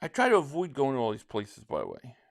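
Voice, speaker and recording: A man's voice: mid-range voice, huge pitch swings, quick pace, vocal fry. A man from South Jersey hosting a live stream, chatting casually and rambling as he answers viewer comments, with frequent restarts. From South Jersey, near Philadelphia.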